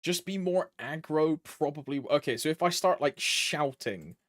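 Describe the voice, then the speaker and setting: A man's voice: a little high, lively intonation, moderate pace, a bit bright, dry recording. A man streaming a game, chatting casually, joking around, swearing now and then and humming to himself. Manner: joking, loose, swears freely, hums to himself. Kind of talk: casual gameplay chat.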